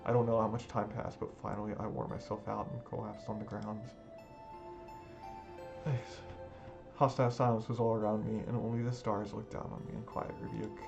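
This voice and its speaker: A gaming video creator reads a visual novel aloud, giving dramatic, emotional first-person narration while music plays underneath. His voice is lowish and gravelly, flat in delivery, at a normal speed.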